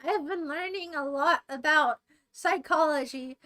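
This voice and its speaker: A woman's voice: high voice, moderate pace, pushed and bright. A young American woman streaming, chatting casually and playfully taunting her chat with mock boasts. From United States. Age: young adult.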